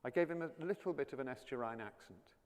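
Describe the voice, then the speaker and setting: A man's voice: medium pitch, lively intonation, fast. A man from South London with a near-RP English accent, an actor talking in an anecdotal, chatty way during an onstage conversation with an audience, often repeating words as he restarts. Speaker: actor, interview guest. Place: college lecture hall. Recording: long hall reverb.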